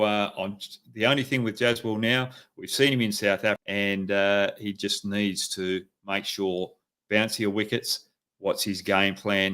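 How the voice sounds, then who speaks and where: A man's voice: lowish voice, a bit bright. A middle-aged Australian man hosting a live show, giving emphatic, coaching-style analysis with frequent fillers. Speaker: host.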